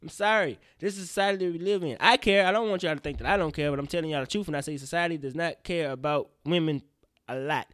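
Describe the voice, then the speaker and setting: A man's voice: fairly high pitch, fast talker, dry recording, studio quality. A young man hosting a podcast, ranting in casual news commentary, profane and prone to tangents. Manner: animated, profane, goes off on tangents. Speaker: podcast host.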